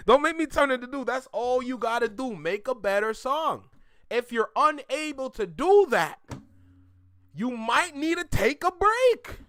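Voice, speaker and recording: A man's voice: very high voice, fairly bright tone, dry recording. A man from Canada hosting a reaction video, ranting bluntly in casual commentary and laughing often.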